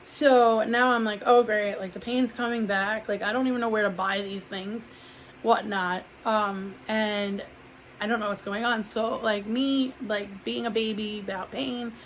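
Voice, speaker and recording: A woman's voice: mid-range voice, steady tone, a little slow, slight background noise, poor audio. Rambling woman telling a casual story. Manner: rambling, heavy use of "like", acts out quoted dialogue. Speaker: vlogger reviewing a product.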